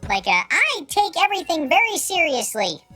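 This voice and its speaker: Squeaky voice-changed streamer, a man behind it. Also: wildly swooping pitch, moderate pace, bright, forceful tone, soft background music, exaggerated voice. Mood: goofy. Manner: goofy, trying out silly impressions. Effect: pitch-raising voice changer.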